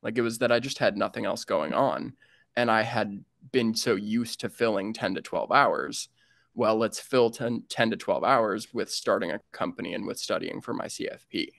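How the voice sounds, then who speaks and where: A man's voice: fairly low pitch, moderate pace, gravelly, fairly bright tone, dry recording, studio quality. A man in his twenties, a financial planner and podcast guest, telling stories in an upbeat way and laughing often. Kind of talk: casual interview storytelling.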